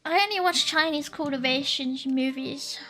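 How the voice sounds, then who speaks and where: A woman's voice: high voice, moderate pace, pushed and bright. A woman chatting on a stream in a teasing, joking way, laughing often. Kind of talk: casual stream chat. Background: faint lo-fi music.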